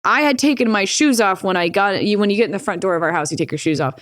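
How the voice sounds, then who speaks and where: With a mid-range voice and a quick pace, this podcast guest tells a personal story in a dry, studio-quality recording. Her interview talk is frank and lively, full of profanity and frequent "like."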